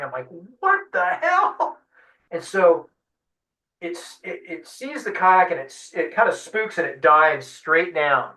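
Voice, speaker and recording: A man tells a fishing adventure as a guest, lively and fond of playing out each voice. His tone is bright and forceful. He sits back from the mic in an echoey room. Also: on the high side. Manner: animated storyteller acting out voices. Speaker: guest fly-fishing guide. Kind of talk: storytelling in an interview. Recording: roomy sound, mic at a distance.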